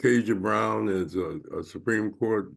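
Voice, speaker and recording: A man hosting an online panel discussion, speaking haltingly and prodding guests with questions. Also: fairly low pitch, gravelly. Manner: halting, restarts often, prods guests with questions. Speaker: host.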